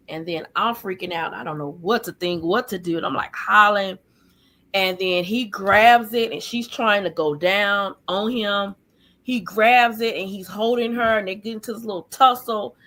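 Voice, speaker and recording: A woman guest recounting her childhood in an earnest, halting way, full of fillers, over a video call. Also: medium pitch, pushed and bright. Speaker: guest sharing her life story. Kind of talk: personal testimony in an interview.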